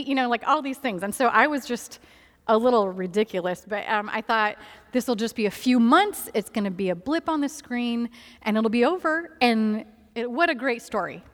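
A woman's voice: a little high, fairly quick, a bit bright, big-room sound. A woman telling a personal testimony in a candid, conversational way, with laughs and many fillers. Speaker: speaker sharing testimony.

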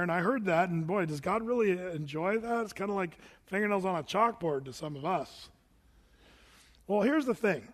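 A man's voice: on the high side, big-room sound. A man preaching a sermon as pastor in a conversational, folksy way, firing questions at the congregation. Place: church sanctuary.

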